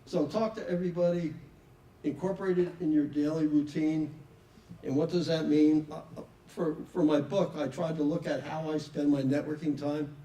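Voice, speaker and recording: A man's voice: on the high side, fairly even intonation, moderate pace, warm tone. An older man, giving a casual, self-assured talk to an audience, full of anecdotes. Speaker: speaker at a networking event. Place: room with an audience. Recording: echoey room, mic far off, faint noise.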